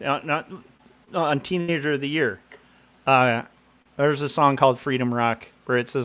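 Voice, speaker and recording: A man's voice: mid-range voice, fairly even intonation, moderate pace, fairly bright tone, clear, resonant tone. Chatty middle-aged man on a livestream. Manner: rambling, chatty, laughs often. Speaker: livestream host. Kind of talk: casual chat.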